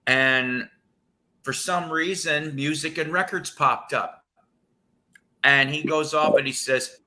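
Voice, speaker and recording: A man from the northern United States hosts a record-collecting live stream, telling rambling anecdotes with frequent chuckles in casual storytelling chat. His mid-range voice has a sharp tone and fairly even intonation, and he speaks slowly with long pauses.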